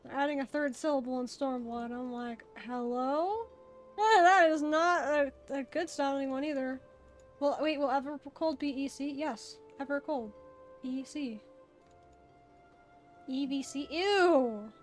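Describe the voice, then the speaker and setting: A woman's voice: high voice, steady tone, normal speed, long pauses, a little mellow, soft background music. A woman streamer chatting casually while she plays, rambling and laughing easily. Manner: rambling, laughs often, fillers like "bro". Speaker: streamer playing an online game. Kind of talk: casual livestream chat.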